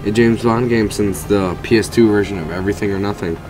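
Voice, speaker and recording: A man's voice: fairly low pitch, steady tone, brisk, over music. A man giving rambling let's play commentary over a video game, swearing casually at it. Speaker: gamer commentator.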